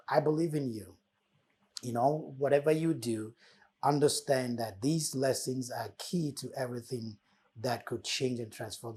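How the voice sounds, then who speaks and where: A man's voice: mid-range voice, darkish tone, slightly rough. A man hosting a motivational talk, preaching life lessons with emphatic, repeated phrases. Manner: preacherly, repeating key words with emphatic swells. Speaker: host.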